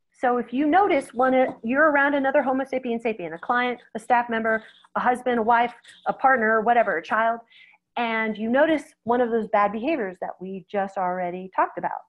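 Lively middle-aged woman giving a webinar talk. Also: on the high side, brisk, poor audio. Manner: lively, acts out quoted reactions, addresses audience directly. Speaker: veterinarian presenting a webinar.

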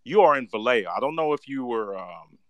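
A man's voice: mid-range voice, lively intonation, fairly quick, no room sound, muffled recording. Angry cussing man from oakland ranting hard, dry close sound. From Oakland, California. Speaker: panel speaker addressing a candidate. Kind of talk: heated livestream callout.

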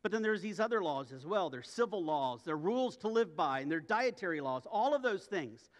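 Guy pastor giving a sermon, kinda high voice, chatty and jokey, big church echo. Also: expressive, fairly quick. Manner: conversational, with joking asides. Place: church sanctuary. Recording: long church reverb.

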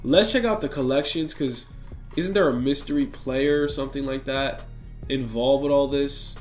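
Young man, excitable gaming commentary, slangy, echoey room, faint background music. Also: medium pitch, normal speed. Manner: excitable, slangy, talks to viewers. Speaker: gaming YouTuber. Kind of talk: hyped game commentary.

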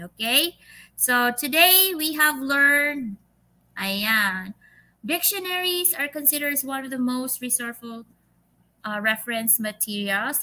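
Filipino lady teacher, slow and bright, kinda high voice, reads out quiz questions. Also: poor audio. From Philippines. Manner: patient, drawn-out quiz reading mixing English and Tagalog fillers. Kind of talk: online English lesson.

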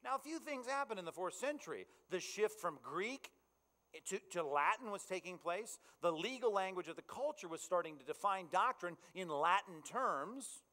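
A man's voice: high-pitched, expressive, normal speed, bright, forceful tone. Chatty male pastor in an echoing hall. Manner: conversational, checks in with the audience. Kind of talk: sermon. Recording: long reverb in a large hall.

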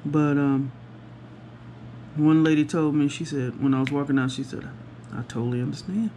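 A woman chatting to viewers about her day while she works on a craft project, animated and talking straight to the camera. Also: moderate pace, slight background noise. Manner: acts out other people's voices with big pitch jumps. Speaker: craft vlogger. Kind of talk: casual storytelling while crafting.

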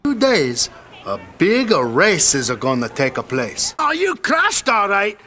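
A man's voice: high voice, huge pitch swings, slow, bright, forceful tone, slight background noise, heavily acted. An actor playing a kindly old male hermit who trains racers, speaking in a put-on Scottish accent with a folksy, chiding manner.

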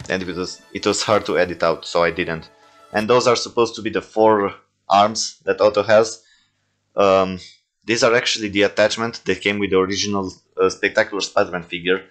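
Low-voiced man rambling over his toy films. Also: fairly bright tone. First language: not English. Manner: rambling, with frequent fillers and self-corrections. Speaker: toy film creator commenting on his own movies. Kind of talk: casual reaction commentary.

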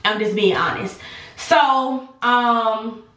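A young adult woman telling an animated, sassy storytime to her viewers in a casual vlog. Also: fairly high pitch, slow pace. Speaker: vlogger. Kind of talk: casual storytime chat to camera. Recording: echoey room.

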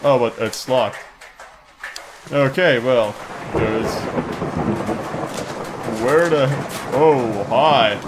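Male let's player, mid-pitched, jokey and mocking, noisy home recording. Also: drawn-out words, long pauses. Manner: excitable, sarcastic, mocks the game out loud. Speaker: let's play gamer. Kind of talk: horror game commentary.

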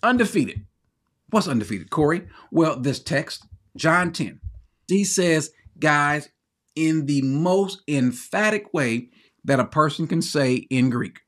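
A man's voice: on the high side, animated, takes it slowly, a bit bright. A man who teaches the Bible, preaching online in an emphatic, teasing way and repeating words hard for stress.

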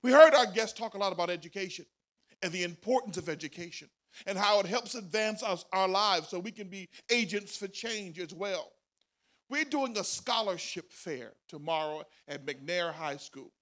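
Male host, very high and sharp voice, loud motivational speaker firing up students in an auditorium. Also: moderate pace. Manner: loud, energetic, hyping up the audience. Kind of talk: motivational speech to a crowd. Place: large performing arts center auditorium.

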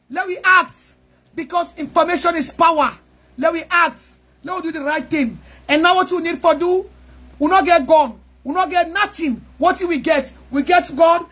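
A woman with a Sierra Leonean Krio accent giving a rousing political speech to supporters, fiery and chanting slogans, often shouting. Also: very high voice. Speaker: political activist addressing supporters.

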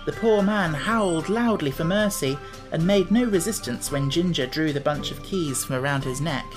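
A man narrating a classic children's fantasy audiobook in a steady, measured storytelling manner. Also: on the high side. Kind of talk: scripted narration.

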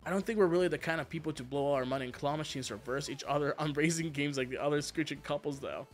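A man streaming a game, chatting casually and telling stories, excitable and swearing a lot with frequent laughter. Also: on the high side, fast, soft background music. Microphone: streaming mic.

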